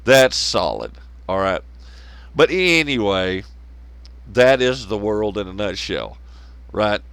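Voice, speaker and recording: A man's voice: fairly low pitch, animated, slow, fairly bright tone, smooth, dry recording. A man hosting a podcast, ranting casually and sarcastically, swearing constantly and laughing at his own jokes. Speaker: podcast host. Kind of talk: profane casual rant.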